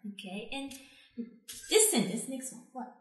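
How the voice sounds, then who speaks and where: A woman's voice: high voice, big pitch swings, measured pace, echoey room, background noise. A Japanese woman co-hosting a casual language lesson, speaking slightly broken English and laughing often. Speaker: co-host teaching Japanese.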